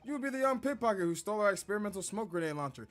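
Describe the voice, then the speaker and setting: A man's voice: high-pitched, animated, rapid-fire, faint music behind, voice pushed up. A man voicing a haughty, theatrical male detective with a grand, pompous delivery.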